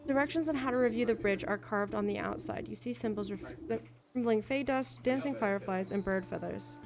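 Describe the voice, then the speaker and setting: A young woman streaming a game, reading its story text aloud in an expressive voice that sits a little high. Clear background music plays under her narration. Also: fairly quick. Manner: expressive reading with loose, chatty asides.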